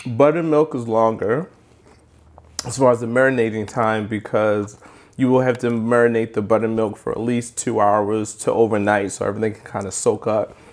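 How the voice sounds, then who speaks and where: This man hosts a laid-back cooking vlog from his kitchen, tasting his food and chatting enthusiastically to the camera. His fairly low voice keeps a fairly even intonation at a moderate pace, recorded with a handheld mic.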